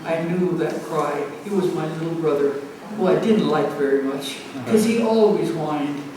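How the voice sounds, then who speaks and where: A woman's voice: sits low, moderate pace. A woman in her nineties telling a personal story at a community center gathering, acting out the voices of the people in it and laughing as she goes. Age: 90s. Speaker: storyteller at a family event. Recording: echoey hall, mic far off, faint hum.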